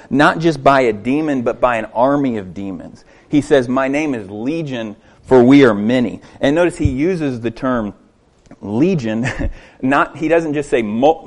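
A man preaching a sermon, retelling a story with lively rhetorical questions and frequent restarts. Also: mid-range voice. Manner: animated storytelling with rhetorical questions and repeated words. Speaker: pastor.

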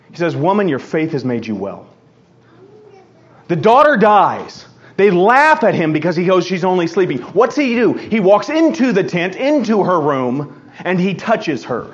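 A man's voice: high voice, normal speed. Man preaching a lo-fi sermon. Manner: animated preaching with frequent restarts and stammers. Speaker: pastor.

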